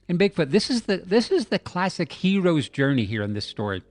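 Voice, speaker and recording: A man's voice: sits high, very animated, brisk, darkish tone, dry recording. Jokey man narrating a video breakdown. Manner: jokey, playful storytelling. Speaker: YouTube host. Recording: dry voice-over with faint music.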